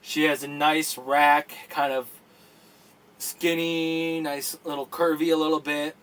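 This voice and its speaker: A man narrating a tabletop game as dungeon master, in a halting, casual way with many fillers. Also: fairly high pitch, little pitch movement, fairly bright tone, clean tone.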